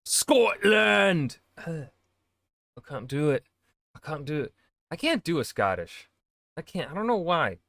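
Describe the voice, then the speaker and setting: A man's voice: fairly high pitch, big pitch swings, moderate pace, long pauses, fairly bright tone, dry recording, studio quality. A man hosting a reaction video, chatting casually and joking at his own expense. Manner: joking, rambling, self-mocking.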